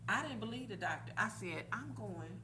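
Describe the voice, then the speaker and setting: A woman's voice: medium pitch, lively intonation, normal speed, background noise. A woman in her forties, a podcast host telling a personal story candidly and animatedly, laughing now and then.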